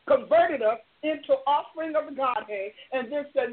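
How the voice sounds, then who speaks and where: A woman's voice: high-pitched, moderate pace, few pauses. A woman preacher and show host giving a live broadcast sermon, fervent and emphatic, driving her points home with repeated declarations. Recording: tinny phone-like audio.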